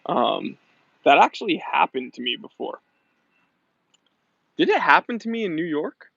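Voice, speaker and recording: A man's voice: a little high, sing-song, unhurried, creaky, a bit bright, slightly rough, no room sound. An American man hosting a casual live stream, chatty and upbeat, reading viewer comments aloud and laughing often, with slightly dull lo-fi stream audio.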